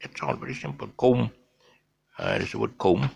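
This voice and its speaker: Man, middle-aged, Malaysian English accent, lively swooping intonation, chatty pronunciation teacher. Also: low-pitched, quick pace, gravelly, breathy edge. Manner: chatty, repeats words, chuckles between examples. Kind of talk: casual spoken lesson.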